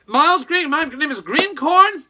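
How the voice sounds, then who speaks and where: An older man voicing a proud old farmer who insists on everything green, slow and emphatic. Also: very high-pitched, expressive, background noise, voice pushed up. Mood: insistent.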